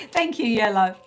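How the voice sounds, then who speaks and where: A British woman hosting a casual live stream, chatting and laughing with her viewers and thanking them by name. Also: medium pitch. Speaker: livestream host.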